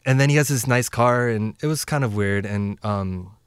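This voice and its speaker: A man's voice: medium pitch, moderate pace, clear, resonant tone, no echo, clean studio sound. A man telling a story in casual chat, rambling and full of "like" fillers as he acts out what people said. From United States. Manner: rambling, heavy use of "like" fillers, acts out quoted dialogue. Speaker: guest telling a travel story.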